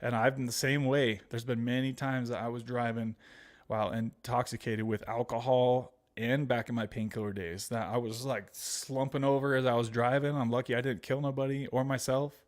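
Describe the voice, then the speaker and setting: A man's voice: mid-range voice, steady tone, normal speed. Rambling, chatty man hosting a livestream. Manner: rambling, chatty, often addressing viewers as guys; laughs while telling stories. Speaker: livestream host. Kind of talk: casual livestream chat.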